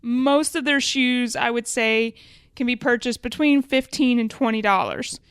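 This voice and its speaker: A woman's voice: fairly high pitch, unhurried, a bit bright, smooth, no echo. A woman, originally from Alabama, talking through business lessons on her podcast in a conversational way, thinking aloud and correcting her wording as she goes. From Alabama, USA. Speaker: podcast co-host.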